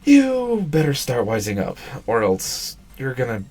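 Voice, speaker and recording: A man's voice: mid-range voice, wildly swooping pitch, measured pace, a little mellow, exaggerated voice. A man reading aloud in a raised, drawling voice as a lazy, sly schoolgirl who leads the club. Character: lazy, scheming older schoolgirl, president.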